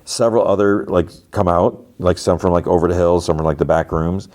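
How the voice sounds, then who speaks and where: His voice sits low and darkish, with fairly even intonation and a fairly quick pace. The man, a podcast host, rambles casually through a TV episode recap, using "like" a lot and acting out the quotes he retells.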